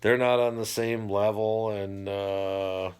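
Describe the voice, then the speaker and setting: A man's voice: fairly low pitch, steady tone, takes it slowly, darkish tone, clean tone. A middle-aged man hosting a home channel, casually recapping a TV dating show with rambling, wry asides. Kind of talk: casual chat.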